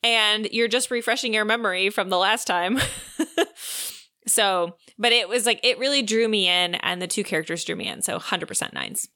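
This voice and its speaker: A young woman with a bright, forceful voice talks casually and frankly about a book, peppering her speech with "like" and the odd swear word. The recording is close and dry with no room sound. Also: mid-range voice, animated, moderate pace, no echo. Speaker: book podcast co-host. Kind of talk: casual chat.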